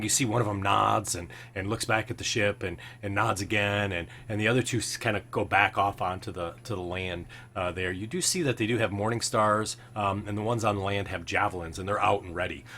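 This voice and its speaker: A man narrating as game master of a tabletop game, halting with many fillers and restarts. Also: on the low side, steady tone, bright, forceful tone, slight background noise. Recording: faint background music.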